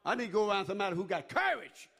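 An older man preaching a sermon in call-and-response style, dropping to a hush and then rising to a shout. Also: high-pitched, sing-song, racing, vocal fry, slightly rough.

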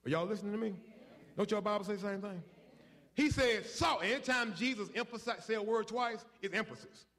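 A man's voice: sits high, a little fast, a bit bright. A man preaching a sermon, emphatic and folksy, calling out to the congregation and pushing for responses.

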